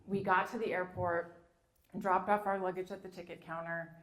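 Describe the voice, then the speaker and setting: A woman in her fifties from New York, telling a personal story live. Her voice sits low, and she talks in a chatty way with plenty of "um"s and "like"s. The sound is echoey, as if from a room with hard walls. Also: steady tone, normal speed. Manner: chatty, many "um"s and "like"s.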